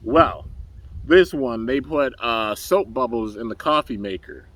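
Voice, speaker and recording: A man's voice: mid-range voice, expressive, unhurried, a bit bright, poor audio. Laid-back young guy recapping a cartoon. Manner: rambling, laughs often, acts out character lines. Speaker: anime reviewer. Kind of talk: casual episode recap.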